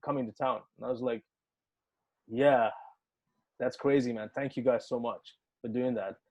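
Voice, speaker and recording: A medium-pitched male voice, a little fast, recorded with lo-fi sound. In a casual interview, this musician guest from the UAE animatedly tells a story, swearing constantly and dramatizing the dialogue.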